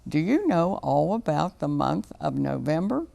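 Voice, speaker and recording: A woman reading a fairy tale aloud to children on a local TV show, slowly and expressively, in a sing-song way. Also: low voice, very animated, creaky, mellow. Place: TV studio.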